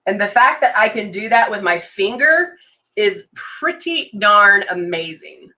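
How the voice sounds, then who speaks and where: A woman's voice: fairly high pitch, very animated, measured pace, pushed and bright. A woman chatting casually on a live stream as she demonstrates makeup. She talks chattily and with enthusiasm, and reads out viewer comments as she goes. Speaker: makeup consultant hosting a live demo.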